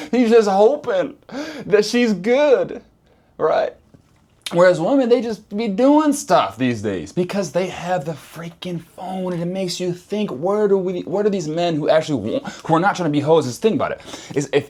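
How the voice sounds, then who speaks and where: A man speaks straight to camera in a relaxed, slang-heavy storytelling voice. His pitch jumps around a lot as he gets worked up, and he keeps circling back to repeat his points. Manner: animated, slangy, repeats phrases for emphasis. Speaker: vlogger. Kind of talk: casual storytelling monologue.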